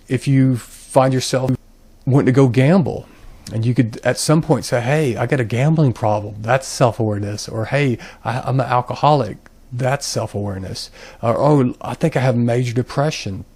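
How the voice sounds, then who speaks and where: Casting note: man, channel host, easygoing self-help monologue, halting and full of fillers. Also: medium pitch, darkish tone, slightly rough. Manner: rambling, many ums and restarts. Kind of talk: casual self-help talk to camera.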